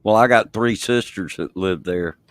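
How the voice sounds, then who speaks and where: Low deep-voiced guy, slow and tired, dry sound on a stream chat. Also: no room sound. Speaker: live stream guest. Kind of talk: casual group chat.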